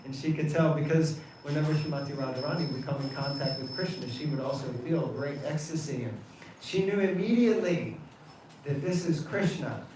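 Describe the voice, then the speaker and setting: A man telling a devotional story to a temple gathering in an animated, laughing way. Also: fairly high pitch, fairly quick. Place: temple hall. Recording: echoey hall, distant mic, faint noise.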